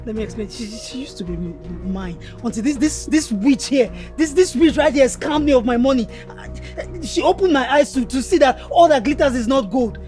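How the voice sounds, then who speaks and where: A man's voice: very high-pitched, lively intonation, normal speed, few pauses, a little mellow. A stammering Nigerian ex-boyfriend, as an actor plays him, pushing urgently to be heard. Faint music sits under his voice. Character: jilted Nigerian ex-boyfriend exposing woman. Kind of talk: Nollywood film acting.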